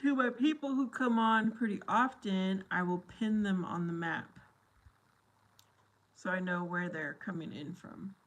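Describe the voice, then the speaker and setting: A woman's voice: medium pitch, measured pace. A middle-aged woman hosting a casual livestream chat with her viewers, silly and giggly. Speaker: livestream host.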